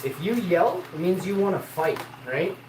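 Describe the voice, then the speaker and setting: A man telling a rough, profane story in a blunt, casual way as a vlogger. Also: sits high, animated, moderate pace, noisy background. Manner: blunt and profane, peppered with "eh" and "you know". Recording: roomy echo.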